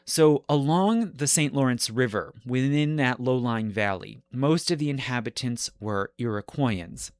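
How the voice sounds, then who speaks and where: A man hosting a history podcast, explaining the geography in a measured lecture style and correcting himself as he goes. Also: mid-range voice, no echo.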